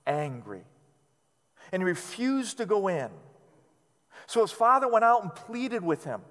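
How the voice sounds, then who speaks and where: A man preaching a sermon as pastor, emphatic and repetitive, letting phrases sink to a quiet, low finish. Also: big pitch swings, a little slow, long pauses. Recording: long hall reverb.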